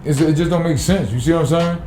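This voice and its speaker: A man's voice: fairly high pitch, fast talker, mellow, roomy sound, soft background music. A man, a city sanitation worker talking bluntly and profanely in a casual podcast interview.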